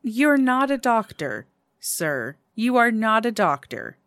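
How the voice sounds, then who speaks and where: A brisk young male nurse who presses with pointed questions, voiced by a woman. He speaks slowly and deliberately, and the sound is dry and close with no room around it. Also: a little high, very animated, fairly bright tone, dry recording, voice pushed up, full character voice. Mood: stern. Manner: firm, questioning.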